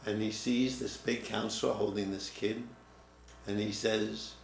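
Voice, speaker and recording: A man's voice: fairly low pitch, little pitch movement, gravelly. Older man telling a story, roomy echo. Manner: reflective, halting, restarts mid-word. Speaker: storyteller and writing teacher. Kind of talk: personal storytelling in conversation. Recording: roomy echo, faint room noise.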